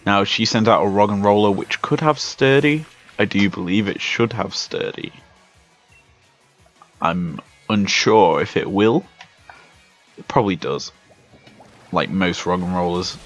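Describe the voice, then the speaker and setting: A young British man giving relaxed, chatty commentary while playing a video game. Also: on the low side. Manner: slow, laid-back, chatty. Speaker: Let's Play host. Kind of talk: casual gameplay commentary. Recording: dull lo-fi sound with faint music.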